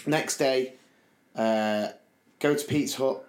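A man, telling a self-mocking story in a chatty, animated way on a podcast. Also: medium pitch, slow, roomy sound. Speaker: podcast co-host. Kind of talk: casual storytelling.

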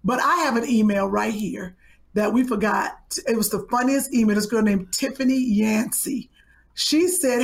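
A woman's voice: fairly high pitch, normal speed. A woman co-hosting a podcast in casual banter, teasing and laughing often, reading a listener's email aloud. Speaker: podcast co-host.

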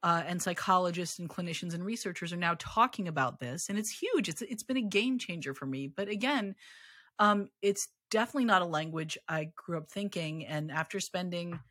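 A woman in her forties with a lowish voice that still sounds bright and edgy, with a husky grain. She talks frankly and candidly, throwing in wry asides, and the sound is dry and close. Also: a little fast, no room sound. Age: 40s. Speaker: author and parenting guest. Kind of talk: casual conversational interview.

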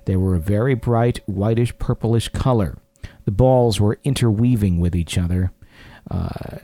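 A man's voice: lowish voice, dark tone. A man hosting a podcast, reading listener stories aloud and bantering in a joking, teasing way. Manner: jokey, teasing. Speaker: podcast host.

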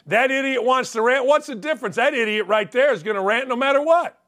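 A man's voice: very high voice, brisk, sharp tone. A man hosting a sports talk show, ranting in a blunt, profane, combative way. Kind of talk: opinionated sports talk rant.

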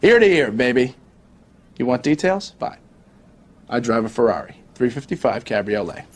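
An actor playing a brash young stockbroker boss, boasting to a room of trainees in a cocky, swaggering manner. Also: male voice, medium pitch, big pitch swings, moderate pace. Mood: boastful. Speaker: film character.

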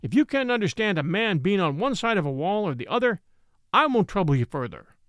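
A man reading the part of an impatient, irritable doctor with sharp, exasperated speech, in an audiobook. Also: a little high, sing-song, moderate pace, vocal fry, dry recording, clean studio sound.

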